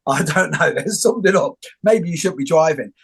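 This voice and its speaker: A middle-aged man hosting a casual interview, telling jokey, animated stories. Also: fairly high pitch, moderate pace, creaky, breathy edge. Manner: joking, animated storyteller. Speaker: host.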